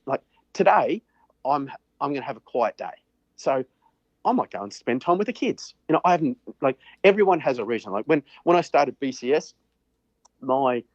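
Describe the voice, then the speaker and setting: A man's voice: medium pitch, expressive, moderate pace, no room sound. Rambling businessman, dull audio. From Australia. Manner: rambling, repeats words while thinking aloud. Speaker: guest, flooring business owner. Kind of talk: casual conversational interview.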